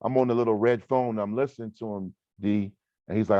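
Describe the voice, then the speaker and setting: A man in his forties co-hosting a podcast, telling stories in an animated, emphatic way. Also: on the low side, fairly quick, no room sound, dull audio. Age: 40s. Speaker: podcast co-host. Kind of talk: casual podcast chat.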